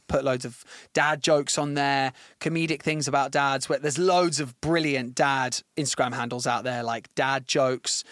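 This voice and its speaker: A man's voice: medium pitch, a bit bright, no echo, studio quality. A young man co-hosting a podcast, explaining things in an easygoing chat. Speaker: podcast co-host. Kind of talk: casual chat.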